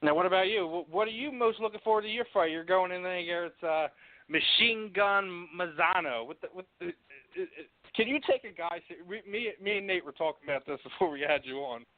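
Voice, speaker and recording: A man's voice: sits high, fairly quick, no room sound. Rambling man on a tinny line. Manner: rambling, filler-heavy, laughs easily. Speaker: podcast host. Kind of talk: casual interview.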